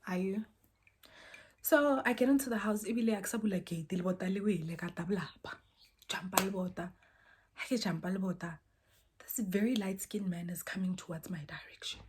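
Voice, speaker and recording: A young woman tells a personal story casually, dropping to near-whispers and then bursting out loudly as she acts out what people said. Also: mid-range voice, a little fast, slight background noise. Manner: animated, swings between soft near-whispers and loud exclaimed quotes.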